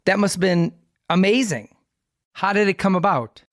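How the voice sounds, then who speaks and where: A podcast host leads into an interview question with a prepared setup, speaking at a middle pitch. The sound is close and dry. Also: lively intonation, normal speed, no echo.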